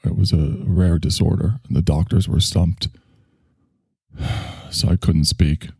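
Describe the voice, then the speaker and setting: Sarcastic New York podcaster, male, low and gravelly, dark tone, deadpan mockery. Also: slow, no echo, studio quality. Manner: mocking, deadpan asides and sudden shouty pitch jumps. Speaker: podcast host. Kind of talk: sarcastic solo podcast commentary.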